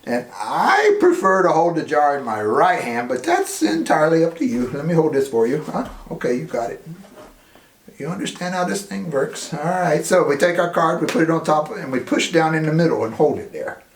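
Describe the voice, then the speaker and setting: A man hosting a playful children's science demonstration, teasing his assistant with big swings of pitch. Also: very animated, moderate pace, slight background noise. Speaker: children's science show host. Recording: echoey room.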